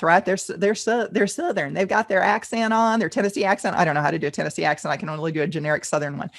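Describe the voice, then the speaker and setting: A woman's voice: on the low side, rapid-fire, few pauses. Middle-aged woman consultant, chatty and upbeat, answering questions in a live online class. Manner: chatty and enthusiastic, reads out attendee questions and answers them. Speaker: fundraising event consultant teaching a class.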